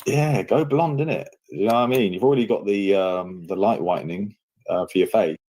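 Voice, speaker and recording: A man's voice: lowish voice, brisk, dark tone, slight background noise. A young man giving casual reaction commentary in a mocking, sarcastic tone, with plenty of rhetorical questions.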